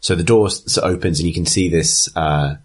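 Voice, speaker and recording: Low husky male game master, hesitant narration. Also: a little fast. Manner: hesitant, many ums.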